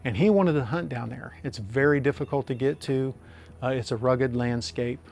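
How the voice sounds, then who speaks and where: A man's voice: medium pitch, moderate pace, creaky, darkish tone. An older man, telling a long story in an interview, earnest and drawn out, with many fillers. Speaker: landowner interviewee.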